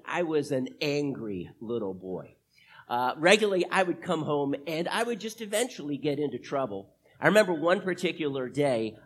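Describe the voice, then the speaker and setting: A man, a pastor, telling a children's sermon story, dropping to a hushed, gentle voice for tender moments. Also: medium pitch, a little hiss or hum. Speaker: pastor giving a children's message.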